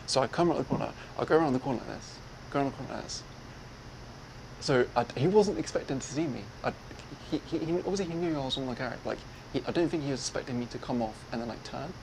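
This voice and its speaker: A man recounts a personal story in a casual, animated way. He slips into other people's lines as he tells it, at a middling pitch for a man. A faint background noise sits under his voice. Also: fast talker, vocal fry. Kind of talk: casual retelling.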